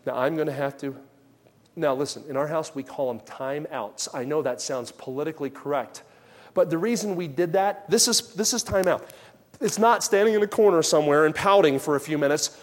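A man delivering a sermon in a conversational, anecdotal way, dropping soft and low when he quotes himself. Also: brisk. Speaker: pastor. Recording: long hall reverb.

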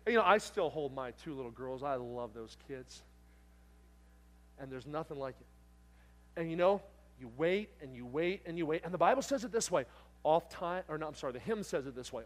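A middle-aged male preacher with a fairly high voice tells a story from the pulpit. He acts out the voices in it and swings from loud, excited bursts down to soft, tender moments. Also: a little fast. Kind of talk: sermon with storytelling.

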